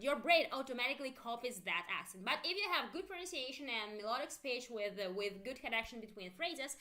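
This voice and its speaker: A woman with a Russian accent teaching a live-streamed English lesson, saying drill phrases slowly for learners to repeat, then explaining at length with restarts. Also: on the high side, bright, forceful tone.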